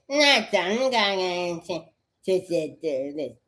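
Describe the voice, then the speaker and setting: A woman's voice: fairly low pitch, big pitch swings, slow pace, a bit bright. A woman talking in an agitated, profane, repetitive rambling way. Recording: echoey room.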